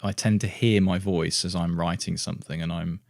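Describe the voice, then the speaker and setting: A man's voice: deep voice, fairly even intonation, normal speed, gravelly, a little mellow, no echo, clean studio sound. A man interviewing, asking thoughtful questions and often restarting his sentences. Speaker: guest interviewer.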